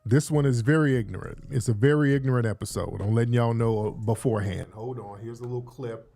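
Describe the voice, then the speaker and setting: A man's voice: medium pitch, a little fast, creaky, mellow. Chatty hyping male livestream host. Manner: hyping, chatty, repeats phrases. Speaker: show host. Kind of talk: casual livestream talk. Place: indoors in Los Angeles.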